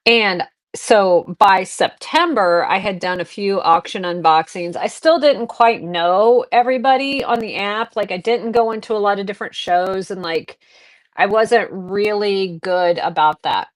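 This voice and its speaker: A woman's voice: mid-range voice, measured pace. A middle-aged woman hosting a live selling stream, chatting casually with viewers and rambling through personal anecdotes. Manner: rambling anecdotes, restarts and fillers, talks to viewers. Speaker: live-stream seller host.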